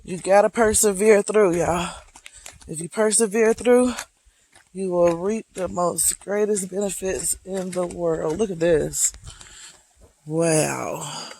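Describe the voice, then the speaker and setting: A hiking vlogger, speaking slowly and reflectively, encouraging viewers while out on a wooded trail near waterfalls. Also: mid-range voice, fairly even intonation, a little mellow, slight background noise, poor audio. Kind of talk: motivational outdoor vlog.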